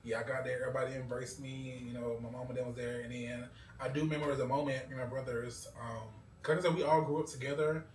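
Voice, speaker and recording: A man's voice: mid-range voice, little pitch movement, fast, hardly any pauses, darkish tone, slight background noise. A man in his thirties telling a personal story in a casual, blunt, rambling way with plenty of swearing. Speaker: show cast member.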